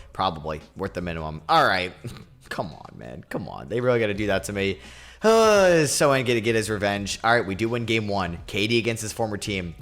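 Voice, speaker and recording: A young man giving live, excitable commentary while playing a basketball video game, swinging between low mutters and sudden yells. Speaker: gaming YouTuber.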